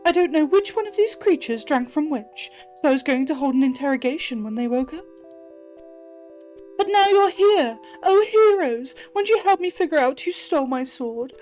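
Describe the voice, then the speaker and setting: A fussy little mouse, played by a woman, who wails about her stolen sword in a squeaky, over-the-top voice that swoops up high. She pleads and exclaims with theatrical flair, like a game figure. Soft music plays faintly behind her. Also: lively intonation, moderate pace. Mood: dramatic.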